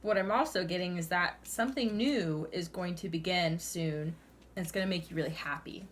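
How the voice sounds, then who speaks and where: Low-voiced woman reading tarot cards. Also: moderate pace. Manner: earnest, chatty, sighing between cards. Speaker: tarot reader.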